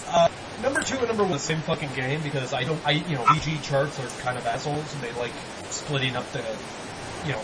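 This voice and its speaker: A man's voice: a little high, noisy background. A man hosting a casual podcast chat, rambling and swearing freely. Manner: rambling, profane, animated. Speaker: podcast host.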